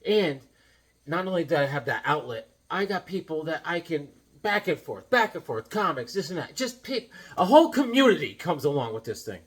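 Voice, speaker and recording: Tired man, rambling jokey stories, fairly high voice, comic room at home. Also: big pitch swings, moderate pace, husky. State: tired from lack of sleep. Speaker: comic collecting channel host. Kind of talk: casual rambling storytelling.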